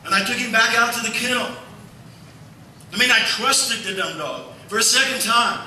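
A male pastor preaching a sermon, telling a family story in a folksy, animated way. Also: sits high, normal speed, slight background noise. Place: church sanctuary. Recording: echoey church hall from far off.

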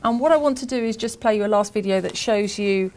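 A middle-aged woman headteacher speaks at a conference keynote. She talks in a chatty, enthusiastic, conversational way, and her voice sits at an ordinary middle pitch. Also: fast, darkish tone.

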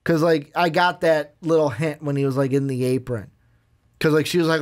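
Male co-host, casual film talk, slightly higher voice, rambly. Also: steady tone, moderate pace. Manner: rambling, full of "like", acts out quoted lines. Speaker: movie review podcast co-host. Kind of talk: casual chat.

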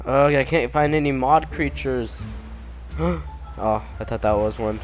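A young man casually commenting over his own gameplay, excitable and quick to yelp when startled. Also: medium pitch, soft background music. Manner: excitable, yelps and shouts at jump scares. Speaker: gaming channel host.

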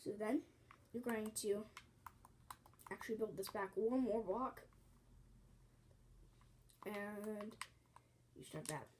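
A woman's voice: mid-range voice, lively intonation, slow pace, pauses often, a little mellow, slight background noise. A woman teaching a building game step by step, counting blocks aloud, apologizing often as she fights off a cough at home. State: bouts of coughing. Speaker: game tutorial host.

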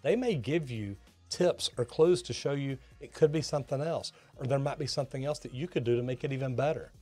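A man, a plumbing educator, giving an energetic, emphatic business lesson to tradespeople and acting out talks with customers. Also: mid-range voice, a little fast, breathy edge, soft background music.

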